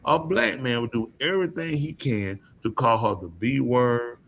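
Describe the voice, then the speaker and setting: Male podcast host, mid pitch, preachy casual talk, emphatic delivery. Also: moderate pace, vocal fry, a bit bright, slight background noise. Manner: emphatic, preachy, asks the listener questions.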